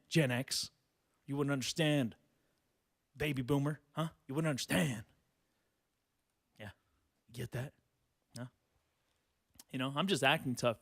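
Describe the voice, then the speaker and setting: Brief: twenties man, higher-pitched voice, sarcastic profane rant, dry close sound. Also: dry recording. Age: 20s. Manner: sarcastic, profane, rambling with many fillers. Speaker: podcast host. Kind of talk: ranting solo podcast.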